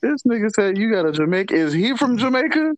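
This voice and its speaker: An animated man hosting a podcast, always joking. His voice sits a little high. It is recorded dry and close, with no room sound. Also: fast talker, no room sound. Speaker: podcast host. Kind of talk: casual podcast chat.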